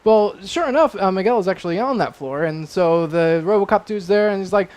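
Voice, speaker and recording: Casual male panelist, high-pitched, rambling and excitable. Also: fairly quick. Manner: rambling, excitable, restarts while retelling a plot. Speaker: panelist presenting a comic. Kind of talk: excited casual comic book chat.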